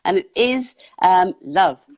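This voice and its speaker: A woman's voice: lowish voice, animated, slow, darkish tone. A woman hosting a casual live chat who speaks in an earnest, reflective way. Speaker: host.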